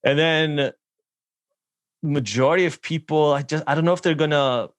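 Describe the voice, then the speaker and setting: A man's voice: on the high side, moderate pace, no echo. A man hosting a podcast interview, chatting casually and agreeably, laughing easily. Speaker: podcast host.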